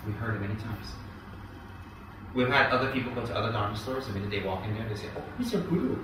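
A man's voice: fairly low pitch, quick pace. Man teaching in an echoey hall. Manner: animated, mimics people, rises into loud indignation. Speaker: Buddhist teacher. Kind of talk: dharma talk to an audience. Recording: echoey hall, picked up from a distance, with background noise.

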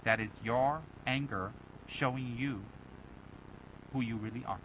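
A man teaching a Buddhist dharma talk, animated and rhetorical, mimicking his listeners' complaints. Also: mid-range voice, a little slow, background noise. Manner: animated, rhetorical, mocking imitations.

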